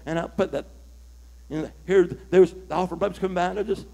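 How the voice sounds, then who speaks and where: A middle-aged male preacher telling a story in a fiery sermon, calling for shouts and whooping. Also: high-pitched, fairly even intonation, fast, vocal fry. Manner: call-and-response, shouting, whooping.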